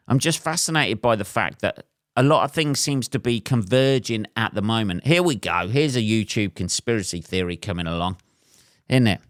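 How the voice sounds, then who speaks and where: A man's voice: lowish voice, smooth, no room sound, clean studio sound. An English man hosting his own podcast, rambling through a solo monologue with wry, self-mocking asides and lots of ums. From England. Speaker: podcast host.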